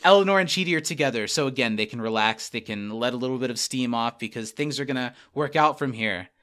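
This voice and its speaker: A man's voice: medium pitch, a bit bright. A man hosting a podcast, casually recapping a TV episode in chatty fashion over a remote call. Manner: chatty, retelling scenes with quick quoted voices. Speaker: podcast host. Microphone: remote call mic.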